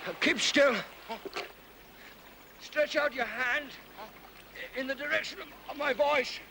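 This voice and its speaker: An actor playing a loyal, formal English manservant, deferential and steady in his speech, in a 1970s TV crime drama. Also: very high voice, takes it slowly, vocal fry, full character voice, poor audio. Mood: urgent steady. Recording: 1970s TV film sound, light hiss.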